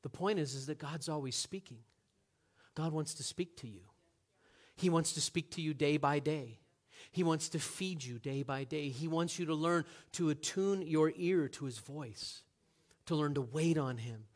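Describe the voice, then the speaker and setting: Earnest preaching man, slightly high voice. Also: moderate pace. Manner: earnest, swings from hushed to loud emphatic. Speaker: pastor. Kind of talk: sermon.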